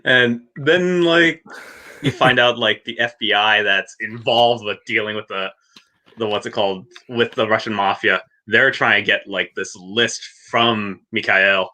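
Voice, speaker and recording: A man's voice: lowish voice, unhurried. A man in casual talk about a film, laughing often and acting out scenes as he retells them. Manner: laughing, animated retellings with acted quotes. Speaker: podcast guest. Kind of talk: casual movie chat.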